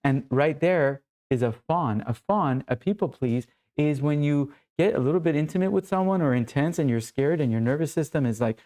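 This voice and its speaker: Earnest male coach, mellow voice. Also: mid-range voice, a little fast. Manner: earnest, intimate, addresses viewer as brother. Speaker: men's coach. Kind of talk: direct-to-camera coaching monologue.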